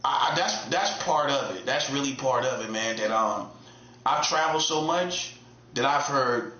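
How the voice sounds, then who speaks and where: A man's voice: medium pitch, moderate pace, bright, forceful tone. A man giving a casual, emphatic monologue as an online preacher, repeating himself in street slang. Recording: echoey room, dull lo-fi sound.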